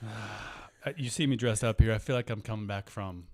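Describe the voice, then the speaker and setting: Casting note: low-voiced male sports podcast host, earnest and mock-mournful, dry close mic. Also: moderate pace, a little mellow, dry recording. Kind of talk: casual sports podcast chat.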